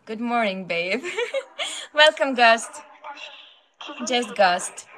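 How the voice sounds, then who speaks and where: A woman's voice: a little high, lively intonation, drawn-out words, background noise. Giggly young woman chatting on a live stream. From Belarus. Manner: greets viewers one by one, giggly, non-native phrasing. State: slightly sick voice. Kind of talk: casual live-stream chat.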